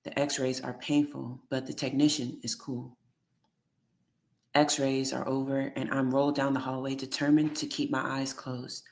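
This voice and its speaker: An audiobook reader reading a first-person memoir in a steady, measured way. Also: medium pitch.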